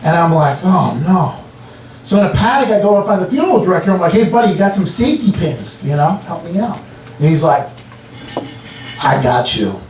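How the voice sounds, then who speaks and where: High-voiced man doing stand-up. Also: very animated, brisk, darkish tone, slight background noise. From Long Island, New York. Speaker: stand-up comedian. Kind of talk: stand-up set. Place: comedy club stage. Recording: roomy club sound from a distance. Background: audience laughter.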